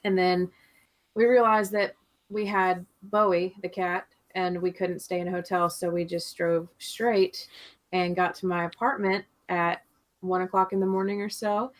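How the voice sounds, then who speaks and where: A woman's voice: fairly low pitch, flat delivery, a little slow. A woman co-hosting a podcast, telling a long story in a rambling, chatty way and laughing often. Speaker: podcast co-host. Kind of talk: casual chat.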